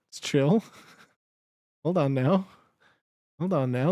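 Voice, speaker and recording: A man's voice: a little high, slow pace, dark tone, no room sound, clean studio sound. A man hosting a live stream, chatting casually and muttering to himself as he fiddles with his setup, laughing often.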